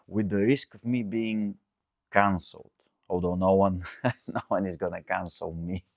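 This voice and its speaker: A man who is a coach hosting his own solo podcast, talking casually and venting with animated asides and self-corrections. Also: sits low, creaky, dry recording.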